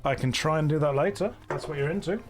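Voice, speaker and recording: A young man giving casual live commentary on a game he is streaming, with dry, sarcastic running jokes, talking from a warm indoor room. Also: a little high, quick pace, faint music behind.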